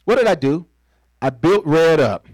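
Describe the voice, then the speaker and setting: A man's voice: a little high, lively intonation, moderate pace, darkish tone, no echo, poor audio. A pastor preaching a sermon in a conversational, playful way, calling on the congregation to finish his lines and acting out little scenes. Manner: call-and-response preaching, asks the congregation to fill in words.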